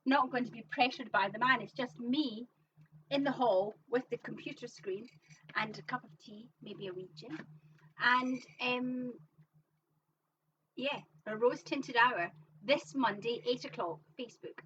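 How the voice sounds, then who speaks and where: A woman's voice: fairly high pitch, a little slow, fairly bright tone. A woman co-hosting a live show, chatting casually and rambling with fillers. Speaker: co-host of a live online show. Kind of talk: casual chat. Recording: distant, dull, faintly noisy.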